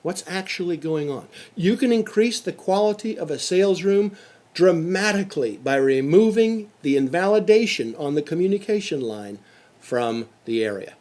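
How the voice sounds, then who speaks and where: A man's voice: high-pitched, animated, moderate pace, a little mellow. Emphatic man lecturing on sales. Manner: emphatic, repeats key phrases, acts out quotes. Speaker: sales trainer.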